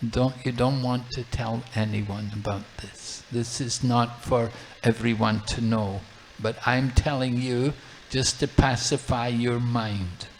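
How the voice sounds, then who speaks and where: A serene divine boy gently reproves and confides, as a male storyteller plays him. He speaks slowly and evenly, with quiet authority. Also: medium pitch, fairly even intonation, slight background noise, voice pushed down. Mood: confiding. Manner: questioning, then hushed and confiding.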